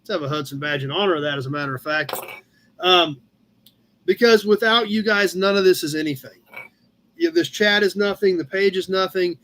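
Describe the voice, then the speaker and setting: Easygoing Midwestern man, high-pitched. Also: a little fast, a bit bright. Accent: Midwestern American. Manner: easygoing, rambling, lots of fillers, chats to viewers by name. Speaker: host of a live car-hobby chat show. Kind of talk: casual live-stream chat, reading viewer posts. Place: home room with a cat nearby.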